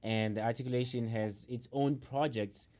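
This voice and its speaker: A man hosting an online talk show in casual chat, laughing often, repeating words and filling pauses with ums. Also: mid-range voice, fairly even intonation, darkish tone. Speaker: show host.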